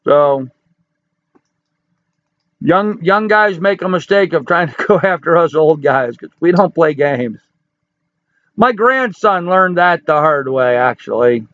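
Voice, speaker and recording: A man's voice: on the high side, animated, slow pace, pauses often, fairly bright tone, dry recording, highs cut off. A man in his sixties hosting a casual livestream, reading viewer comments and answering in a folksy, joking, chatty way. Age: 60s. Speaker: livestream host.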